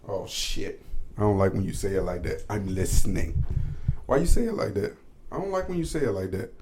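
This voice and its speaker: Man, podcast co-host, casual chat, joking, teasing, swooping lively pitch. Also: fairly quick, background noise.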